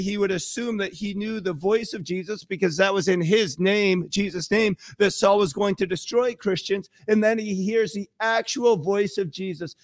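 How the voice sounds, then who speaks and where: Male pastor, relaxed sermon delivery, higher-pitched voice, dry close sound. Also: no room sound. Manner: conversational, acts out quoted voices.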